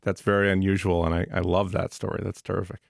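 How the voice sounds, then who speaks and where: A man's voice: low voice, flat delivery, fast talker, vocal fry, no room sound, studio quality. A man hosting an interview podcast, encouraging and conversational with his guest. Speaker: podcast host. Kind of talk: casual interview talk.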